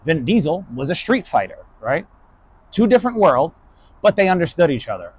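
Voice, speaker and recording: Blunt husky man lecturing. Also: on the high side, big pitch swings, moderate pace, highs cut off. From New York. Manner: blunt, tags nearly every point with "right?"; swears freely. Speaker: online philosophy class host. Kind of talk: casual lecture to camera.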